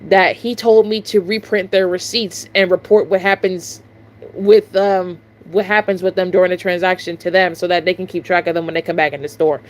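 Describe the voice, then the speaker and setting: A woman's voice: fairly low pitch, steady tone, moderate pace. A young woman vlogger, telling a storytime in casual, profane, exasperated chat.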